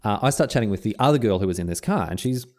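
Fast, mellow Australian man telling a story. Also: lowish voice, lively intonation. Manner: rambling, self-interrupting, acts out quoted dialogue. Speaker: podcast co-host. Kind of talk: casual storytelling chat.

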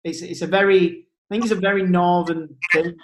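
A fairly high-voiced man talks casually and often trips over his openings, repeating a word before he finds his line. His voice carries a clear room echo. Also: steady tone, a little fast. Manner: hesitant, repeats words when starting. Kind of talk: casual chat.

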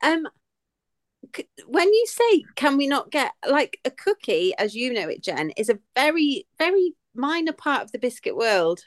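A woman's voice: sits high, sing-song, normal speed, no echo. Dry-sounding British woman co-host. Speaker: podcast co-host. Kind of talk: casual chat.

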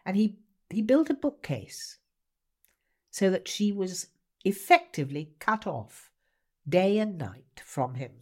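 A woman guest, an actor and writer, telling stories in animated conversation with a theatrical, emphatic manner. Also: mid-range voice, slow, long pauses.

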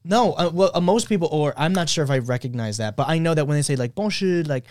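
A man's voice: fairly high pitch, darkish tone, dry recording. A man hosting a podcast, chatting casually and jokingly, often restarting his sentences. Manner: jokey, halting restarts. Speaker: podcast host. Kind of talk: casual chat.

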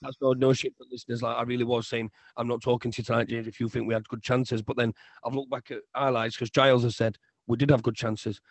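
Fast-talking, animated man. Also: medium pitch, no room sound. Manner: animated, ranting, repeats himself. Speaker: podcast co-host. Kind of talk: casual football chat.

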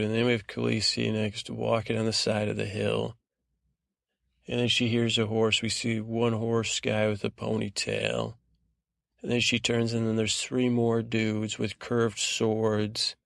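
A man hosting a sleep podcast, recapping a TV episode in a meandering, low-key way full of fillers. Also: steady tone, a little slow, creaky, fairly bright tone, no echo, clean studio sound. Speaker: podcast host. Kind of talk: rambling bedtime recap.

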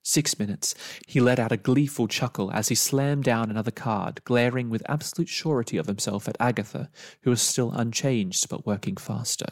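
A man's voice: mid-range voice, moderate pace, dry recording, studio quality. A man narrating a story he wrote, reading expressively with dramatic emphasis.

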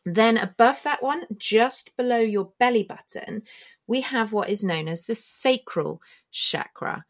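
Slow, chatty woman podcast host. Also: fairly high pitch. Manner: chatty, meandering, self-correcting. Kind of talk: casual spoken explainer. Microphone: filmed while talking, pointing to body.

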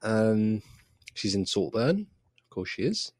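A man's voice: fairly low pitch, very animated, slow pace, no room sound, studio quality. A man co-hosting a podcast, chatting in a jokey, easygoing way. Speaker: podcast co-host. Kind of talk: casual chat.

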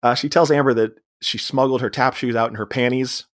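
A man's voice: mid-range voice, fairly even intonation. A man co-hosting a podcast, casually recapping a comedy film's plot and mimicking characters' lines. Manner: recounts plot, acting out lines in quick voices. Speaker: podcast co-host. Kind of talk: casual movie recap chat.

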